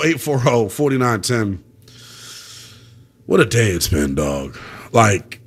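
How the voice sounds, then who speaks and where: A man's voice: mid-range voice, fairly bright tone. A young man hosting a sports talk radio show, brash and slangy as he takes calls. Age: young adult.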